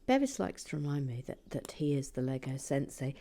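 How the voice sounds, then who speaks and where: A woman's voice: a bass voice, very animated, a little fast, mellow. A woman hosting a Lego build vlog, chatting casually and muttering or whispering to herself as she concentrates.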